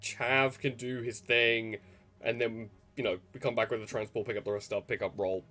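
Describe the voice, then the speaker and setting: A man's voice: mid-range voice, steady tone, moderate pace, pushed and bright, soft background music. A man chatting casually as a player at a tabletop role-play, laughing often and talking animatedly. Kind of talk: casual chat at a tabletop game.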